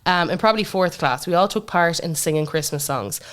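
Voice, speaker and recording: A woman co-hosting a podcast, chatting in an animated way and laughing often. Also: lowish voice, brisk. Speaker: podcast co-host. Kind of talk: casual chat.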